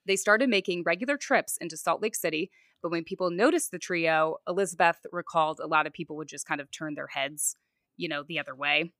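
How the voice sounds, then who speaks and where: Bright-voiced woman telling a true crime story. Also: lowish voice, fairly quick, no room sound, clean studio sound. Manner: conversational, fillers like "you know" and "like".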